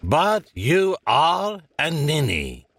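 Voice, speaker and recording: A man putting on a slow, gravelly voice for a teasing comic sidekick in a skit. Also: a little high, huge pitch swings, fairly bright tone, no room sound, full character voice.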